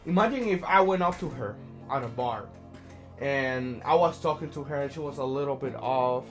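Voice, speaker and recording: A man's voice: medium pitch, normal speed. A man telling a personal story in a casual, conversational way, often checking in with "right?" as a social anxiety coach. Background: background music.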